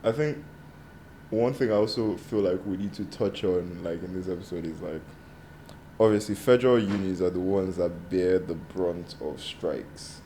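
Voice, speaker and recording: Deep, mellow-voiced podcast co-host. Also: male voice, moderate pace, a little hiss or hum. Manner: steady, backchannels often, frames questions. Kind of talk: casual chat.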